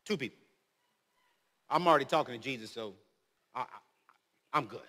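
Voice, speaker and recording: A male preacher in his thirties telling his story in an animated, humorous speech, swinging between loud and soft. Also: mid-range voice, normal speed. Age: 30s. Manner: humorous, slangy. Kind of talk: motivational speech. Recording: long hall reverb.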